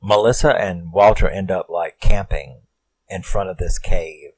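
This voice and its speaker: A man's voice: low voice, steady tone, unhurried, no echo, poor audio. A man casually recapping a horror film in a rambling way, swearing freely and breaking off into asides where he questions himself.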